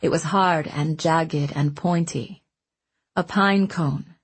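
A woman narrates a story in a calm, measured reading voice. Her delivery is slow and unhurried, with a breathy softness to the tone. Her voice sits a little low for a woman. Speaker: audiobook narrator. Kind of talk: scripted narration.

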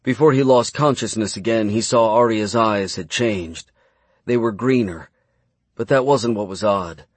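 Man, audiobook narration, measured, dramatic, dry close sound, low voice. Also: husky, no echo.

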